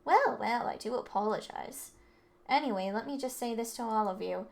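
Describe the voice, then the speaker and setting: A woman's voice: fairly high pitch, normal speed, vocal fry. Byakuya, woman reading haughty rich boy. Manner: haughty, condescending. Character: arrogant rich teen boy heir, cold. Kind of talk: reading game dialogue aloud.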